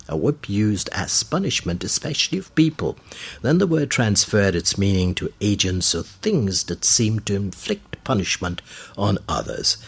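A man hosting a radio program on word meanings, talking slowly and deliberately and spelling words out letter by letter. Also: sits low, vocal fry, breathy edge. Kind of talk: explanatory radio talk.

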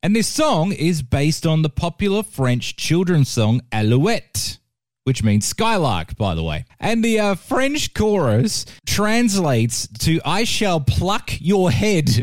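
A man's voice: slow, dry recording, clean studio sound. A man hosting a music show, chatting casually and cracking jokes between songs. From Australia. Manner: chatty and jokey, with lively swings in pitch. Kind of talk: casual radio-style music chat.

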